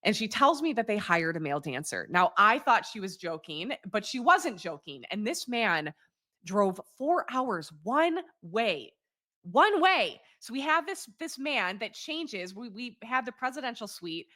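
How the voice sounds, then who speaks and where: Woman, 30s, host, bright and forceful voice, candid storyteller who laughs easily. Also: fairly high pitch, a little slow. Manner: lively, candid, laughs often, swears freely. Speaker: podcast host. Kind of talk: casual storytelling monologue.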